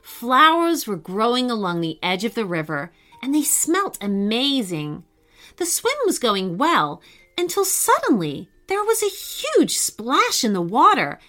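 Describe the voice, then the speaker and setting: A woman narrating a children's story in a lively, expressive reading voice. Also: mid-range voice, takes it slowly, soft background music.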